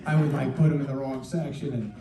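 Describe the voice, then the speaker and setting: A man answering interview questions in a rambling, halting way, often repeating his words as he tells a story. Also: medium pitch, steady tone, dark tone. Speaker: guest. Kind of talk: casual interview anecdote. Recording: roomy echo, distant mic.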